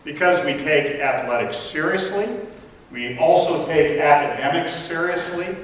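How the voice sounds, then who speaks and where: Man, college president, formal conference opener, measured with "uh" pauses, slightly high voice, heard from afar in an echoey hall. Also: a little hiss or hum. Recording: echoey hall, distant mic.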